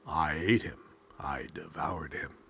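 A man's voice: a bass voice, slow pace, creaky, bright, forceful tone, slightly rough, voice pushed down, full character voice. A man voicing a crafty, boastful male coyote trickster in a spoken folk tale, giving orders and mocking. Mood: sly murmur. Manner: boastful, commanding.

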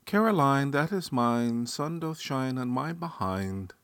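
A man's voice: fairly low pitch, very animated, a little slow, breathy edge, no room sound, voice pushed up, full character voice. A man doing a sing-song teasing devil. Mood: playful mocking. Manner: sing-song, mocking rhymes. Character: sly playful male devil, teasing.

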